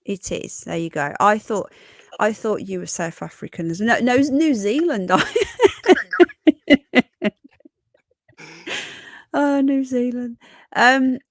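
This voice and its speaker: Female live stream host, chatty and affectionate, slightly high voice, dry close sound. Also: a little slow, dry recording. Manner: chatty, affectionate, greets viewers one by one. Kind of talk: casual live stream chat.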